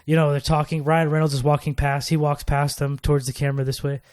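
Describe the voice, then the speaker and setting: A man co-hosting a casual podcast with a rambling, filler-heavy delivery. He talks through his ideas freely, and his voice sits slightly high for a man. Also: little pitch movement, fast talker, a little mellow, clean tone. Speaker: podcast co-host. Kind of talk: casual chat.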